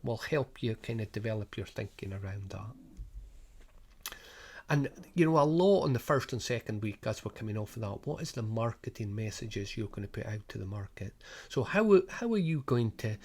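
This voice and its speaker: A middle-aged man with a strong Scottish Highland accent explains a coaching programme casually, with frequent restarts and rhetorical questions. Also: expressive, moderate pace, darkish tone. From Scotland. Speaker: sports business coach. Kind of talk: informal spoken programme overview.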